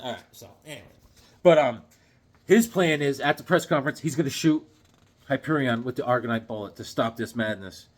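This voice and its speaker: A man casually recapping a comic book story, animated and storytelling, acting out the characters. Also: medium pitch, fairly quick. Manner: frequent fillers and restarts.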